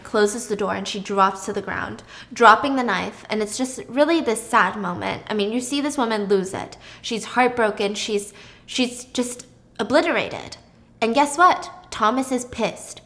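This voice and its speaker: A woman's voice: fairly high pitch, a bit bright. A young woman casually retelling a dramatic story with chatty asides to the listener. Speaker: storytelling YouTuber.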